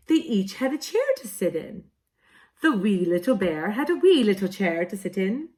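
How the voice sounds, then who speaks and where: A woman kindergarten teacher reading picture books aloud to young children, with a slow, sing-song, exaggerated storybook delivery and playful asides. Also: mid-range voice, sing-song, a little mellow.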